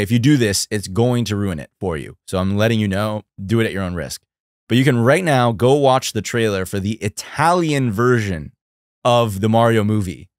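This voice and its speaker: A young man hosting a casual livestream, chatty and animated, talking to his viewers. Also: mid-range voice, dry recording, clean studio sound. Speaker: livestream host.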